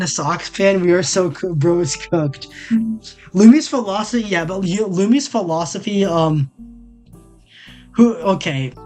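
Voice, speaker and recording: A man from the southern United States, with a voice that sits high, streams a casual chat. He rambles and jokes, restarts often, and laughs a lot.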